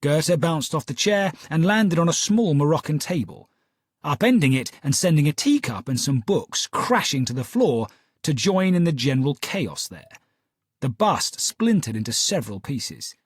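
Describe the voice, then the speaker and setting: A man reading a story aloud in a measured, expressive style. His slightly husky voice moves with lively intonation and sits a little high. The recording is close and dry. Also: dry recording. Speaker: audiobook narrator. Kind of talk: scripted narration.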